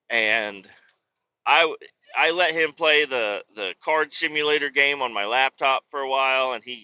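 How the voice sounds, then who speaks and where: Man, 30s, chatty podcast host: lively pitch, dry, slightly dull recording. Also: no room sound. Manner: animated, rambling, swears often, laughs a lot. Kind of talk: casual podcast monologue. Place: driving in a car on a bumpy road.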